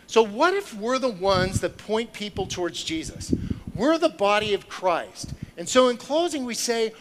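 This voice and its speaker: A man giving a sermon through personal stories, moving from hushed storytelling to loud, excited preaching before a congregation. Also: high-pitched, unhurried, noisy background. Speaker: lay speaker. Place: church sanctuary with a congregation.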